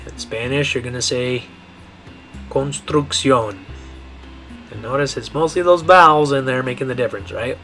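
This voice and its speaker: A man giving a Spanish pronunciation lesson, repeating each word slowly and checking in with the learner. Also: mid-range voice, bright, forceful tone. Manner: slow, repetitive modeling of words with frequent checks. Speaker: Spanish teacher.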